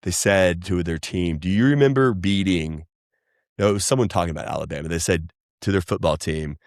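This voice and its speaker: A man, chatting casually as a podcast guest, rambling and animated. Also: deep voice, a little fast, no room sound, clean studio sound. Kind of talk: casual chat.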